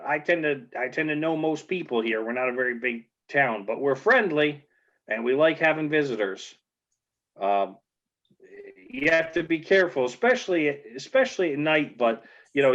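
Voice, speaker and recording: A man's voice: medium pitch, fairly bright tone, natural voice. A man playing a friendly small-town bartender who talks in a rambling, hesitant, welcoming way, on dull lo-fi audio.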